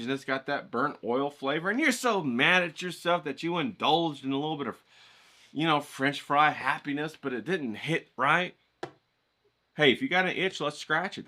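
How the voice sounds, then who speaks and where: Bright-voiced profane man ranting. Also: a little high. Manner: folksy, profane, preachy. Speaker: art streamer. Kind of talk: casual motivational rant.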